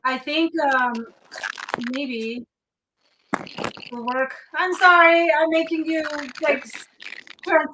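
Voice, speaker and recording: A woman hosting a live interview over a video call, asking questions in an unhurried, encouraging way. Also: sits high, fairly even intonation. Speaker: host. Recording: loud noisy call.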